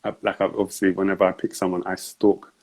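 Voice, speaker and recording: A man hosting a casual interview, easygoing, often answering with quiet "mm" sounds and chuckles. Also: low voice, level tone, fast talker, low-quality recording. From United Kingdom. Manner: easygoing, frequent "mm" affirmations, chuckles. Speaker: podcast host.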